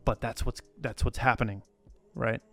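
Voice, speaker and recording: Faint music plays behind a man hosting a crypto channel, speaking to camera in casual, emphatic commentary. His mid-range voice has fairly even intonation, a moderate pace and a fairly bright tone. He rambles, repeats himself, is blunt and swears freely.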